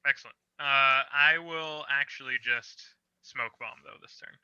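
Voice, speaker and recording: A man's voice: medium pitch, steady tone, unhurried, bright, forceful tone, smooth, no echo, muffled recording. A man playing a tabletop game, describing his character's moves and reading out ability text. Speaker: player.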